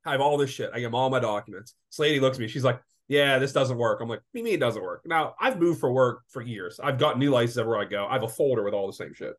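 Podcast co-host, man, late 20s, sick and congested, rapid rambling storyteller with lots of swearing. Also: medium pitch. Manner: animated storytelling, profane. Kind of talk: casual chat.

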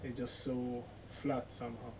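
Halting man, heard from a distant mic. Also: mid-range voice, level tone. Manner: hesitant, full of restarts, halting. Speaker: questioner from the audience. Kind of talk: personal sharing in a talk. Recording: distant mic with noticeable background noise.

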